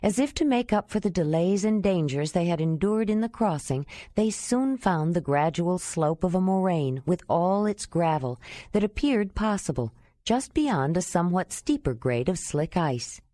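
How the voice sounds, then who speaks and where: A woman reading a novel aloud as an audiobook narrator, measured and even. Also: fairly low pitch, no echo. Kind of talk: scripted narration.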